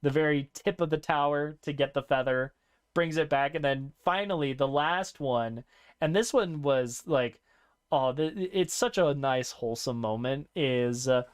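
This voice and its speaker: Animated male podcast storyteller. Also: medium pitch, a little slow, smooth. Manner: animated storyteller who acts out characters. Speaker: podcast host. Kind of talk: casual chat.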